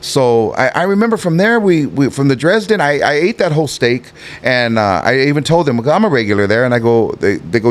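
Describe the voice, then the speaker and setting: A middle-aged man telling a long story in a casual interview, animated, swearing freely and acting out the other people in it. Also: mid-range voice, brisk.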